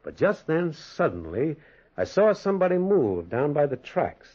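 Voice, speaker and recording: A man's voice: a little high, normal speed. An actor playing a lonely man haunted by memories who narrates his own story in 1940s radio acting. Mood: narrating. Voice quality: husky, expressive storytelling. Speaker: narrator and lead character. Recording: dull lo-fi old radio recording.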